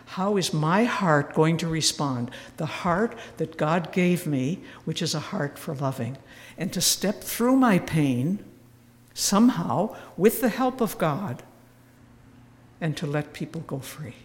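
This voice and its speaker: A woman speaking as a retreat leader, sharing a personal story gently and earnestly, with self-deprecating humor. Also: fairly low pitch. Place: church. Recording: long church reverb.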